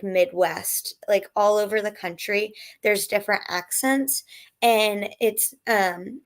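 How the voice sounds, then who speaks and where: Slow, easygoing American woman. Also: medium pitch. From United States. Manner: relaxed, many fillers like "like" and "um". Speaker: native-speaker guest. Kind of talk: casual explanation.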